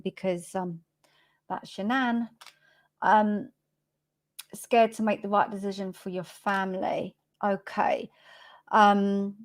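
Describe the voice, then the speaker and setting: Slow, hesitant woman medium. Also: mid-range voice, darkish tone. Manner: hesitant, many ums, homely and chatty. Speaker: spiritual medium giving readings. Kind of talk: live psychic reading.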